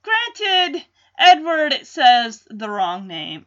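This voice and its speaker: Woman vlogger, high bright voice, unhurried chatty recap, a bit lo-fi. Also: very animated. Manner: chatty, amused, acts out quotes. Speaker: vlogger recapping a sitcom episode. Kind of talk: casual reaction chat.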